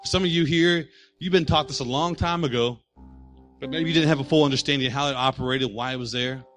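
Animated storytelling male pastor. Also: mid-range voice, quick pace, soft background music. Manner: storytelling preacher, animated and humorous. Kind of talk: sermon.

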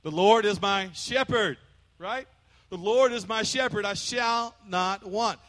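High-voiced preacher with emphatic delivery. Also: male voice, a little slow, a bit bright. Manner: preachy and emphatic, with call-and-response and playful imitations. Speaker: pastor. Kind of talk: sermon.

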